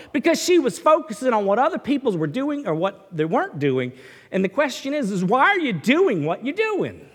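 High-voiced guy preaching, goes loud then quiet, repeats himself, big church echo. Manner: animated, swings from loud to hushed, repeats words. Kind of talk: sermon. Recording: hall reverb.

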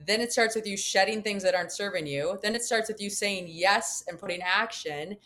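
A woman's voice: mid-range voice, fairly quick, a bit bright. A woman guest on a podcast interview, telling a personal climbing story and acting out her own reactions.

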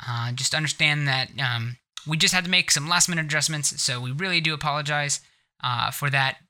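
A man's voice: fairly high pitch, fairly quick, pushed and bright. Rambling male podcast host. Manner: rambling, filler-heavy, giggly. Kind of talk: casual chat.

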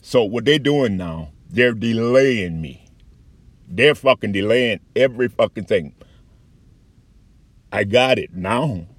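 Low, husky man venting angrily. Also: expressive, slow pace, long pauses, dry recording. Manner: profane, heated, rambling complaint. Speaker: patient telling his story. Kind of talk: angry personal account.

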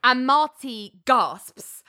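A woman's voice: high voice, expressive, drawn-out words, sharp tone, dry recording, studio quality. A woman casually recapping a TV episode, chatty and laughing often. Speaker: podcast co-host recapping a TV episode. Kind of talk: casual chat.

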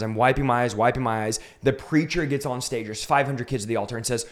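A man's voice: mid-range voice, fast, hardly any pauses, fairly bright tone. A man in his thirties telling his conversion story in an interview, fervent and emphatic, building to intense peaks. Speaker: preacher telling his testimony.

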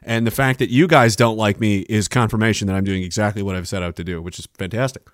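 A man's voice: on the low side, steady tone, quick pace, dry recording, clean studio sound. A middle-aged man, hosting a casual livestream, rambling and joking as he reads out chat messages. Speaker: livestream host. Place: home studio. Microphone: boom-arm studio mic.

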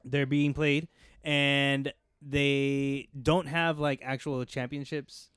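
Man, podcast host, smooth clear voice, dry close sound, casual chat. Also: medium pitch, slow pace, dry recording. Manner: relaxed, steering the topics.

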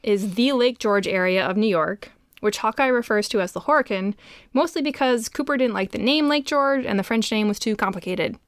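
A woman's voice: fairly high pitch, fairly quick, clear, resonant tone, no room sound. A woman co-hosting a podcast, summarizing a novel's plot with dry asides in casual chat. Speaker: podcast co-host. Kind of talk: casual book discussion.

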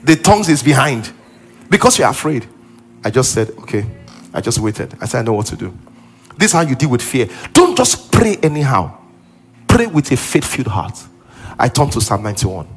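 A man preaching a sermon in a church auditorium, in an animated way that rises to loud commands. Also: mid-range voice, normal speed, breathy edge, soft background music. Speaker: pastor. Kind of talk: sermon and deliverance prayer.

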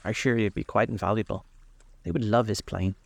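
A man's voice: fairly low pitch, fairly even intonation, quick pace, gravelly, no echo. A man voicing a prim, talkative society lady who chides the men around her. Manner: chiding and prim.

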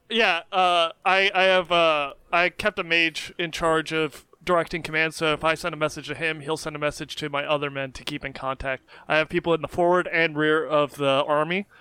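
A man's voice: a little high, sharp tone, clear, resonant tone, no echo. A man playing a tabletop game, talking earnestly and addressing the king with deference. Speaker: player. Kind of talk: casual tabletop play.

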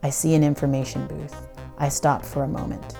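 Low, gravelly woman telling a story. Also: fairly even intonation, moderate pace, mellow, soft background music. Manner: breathless, dramatic, swears at times. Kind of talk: first-person storytelling.

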